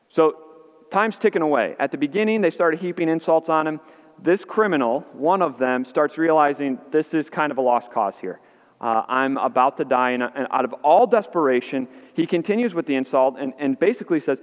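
A man preaching a sermon as pastor, animated and acting out the voices he quotes. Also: moderate pace. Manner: animated, acts out quoted voices with rising pitch. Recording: muffled audio in a reverberant hall.

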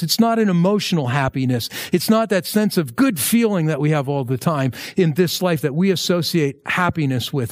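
Male pastor, higher-pitched, dry close sound, relaxed preaching with humorous asides. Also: dry recording. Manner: conversational, jokey asides, lively emphasis. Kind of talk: verse-by-verse sermon.

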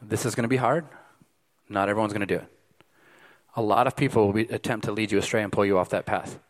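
A man's voice: on the low side, fairly even intonation, quick pace. Emphatic man preaching in a reverberant hall. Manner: emphatic, swings from loud to hushed. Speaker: pastor. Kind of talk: sermon.

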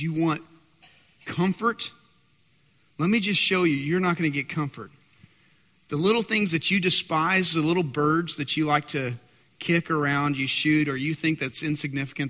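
A man preaching a sermon, dramatic and swinging from loud to hushed. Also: a little high, in a large hall. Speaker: pastor.

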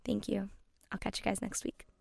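Over soft background music, a young podcast host talks at a moderate pace in a creaky, darkish, medium-pitched voice with little pitch movement. Her solo show is casual and rambling, packed with "likes" and "you-knows," and she becomes emotional, nearly crying.

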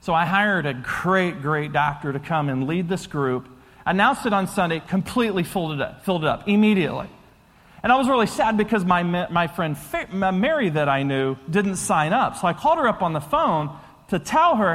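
High-voiced man preaching in a reverberant hall. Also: normal speed. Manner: conversational, animated storyteller, swings from loud to hushed. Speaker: pastor. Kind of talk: sermon with storytelling.

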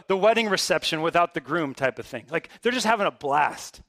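High-voiced man preaching casually. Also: animated, a little fast, a bit bright, no echo, studio quality. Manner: conversational, emphatic preaching with casual asides. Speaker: pastor. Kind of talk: sermon.

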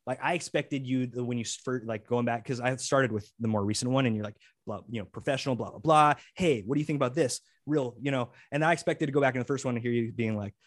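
A man's voice: medium pitch, quick pace, few pauses, no echo, studio quality. A man chatting as a new podcast co-host, earnest and rambling, with many restarts. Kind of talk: casual podcast chat.

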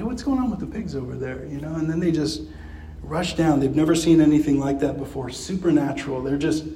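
Guy pastor preaching easygoing, chuckles a lot, jumps up in pitch for quotes. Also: vocal fry, darkish tone. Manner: conversational, with chuckles and fillers. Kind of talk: sermon.

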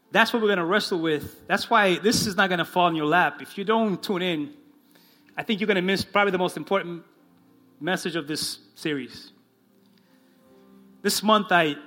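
A man with a high, bright voice preaches a sermon as a pastor in church. He talks expressively and slows right down, going low and quiet whenever he quotes a line. Soft music plays faintly underneath. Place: church in front of a congregation.

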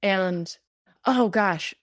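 A woman's voice: mid-range voice, very slow, no echo, studio quality. A woman guest telling a personal story in conversation. She speaks in a heartfelt, rambling way, full of fillers. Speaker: cancer survivor guest.

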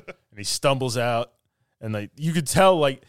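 A man on a podcast excitedly retelling scenes from a film, laughing often as he talks. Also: medium pitch, slow, clean tone, dry recording, clean studio sound. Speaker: podcast co-host. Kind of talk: casual film review chat.

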